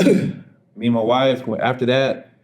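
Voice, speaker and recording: A man's voice: medium pitch, level tone, takes it slowly, a little mellow. A man from Texas, a podcast guest, candidly telling an emotional personal story and acting out the voices of people he quotes.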